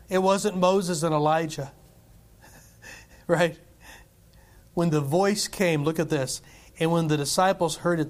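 Man, pastor, animated sermon, slightly high voice, chuckles, quotes scripture. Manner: animated preaching, chuckles, quotes scripture in King James English.

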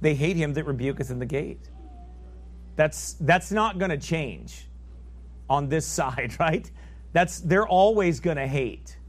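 A man delivering a sermon with a fairly high voice. He preaches with fervor, building to loud emphatic peaks and sinking into low, quiet asides as he reads and explains scripture. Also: expressive, takes it slowly. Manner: reads scripture aloud in old biblical wording.

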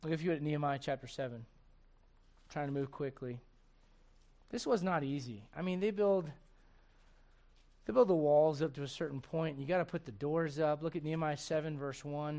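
A middle-aged man preaching with a high, lifted voice. He swings from hushed asides to loud, animated quoted voices and chuckles at his own jokes. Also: normal speed, long pauses. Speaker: pastor. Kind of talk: sermon.

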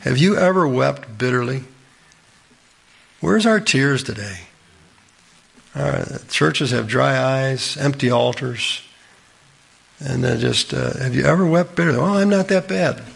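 A man's voice: mid-range voice, measured pace, creaky, pauses often, a bit bright, slightly rough. A middle-aged man preaching a sermon in a folksy, earnest way, often asking the listeners questions.

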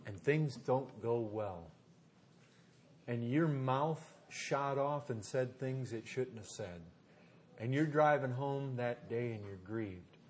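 A man preaching a sermon in a conversational way, asking his listeners rhetorical questions and calling them folks, often dropping low and quiet to stress a point. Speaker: pastor.

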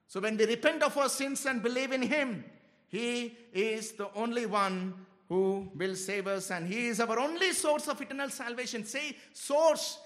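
A man's voice: very high voice, moderate pace, fairly bright tone. A man preaching an expository sermon to a congregation, emphatic and repetitive, often putting questions to his listeners. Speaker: pastor.

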